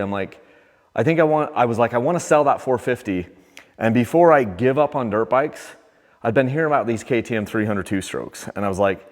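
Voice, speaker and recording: A man's voice: fairly low pitch, big-room sound. A man in his forties hosting a dirt bike vlog, talking in an earnest, rambling, heartfelt way while working in his home workshop. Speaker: dirt bike channel host. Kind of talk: casual vlog while doing an oil change.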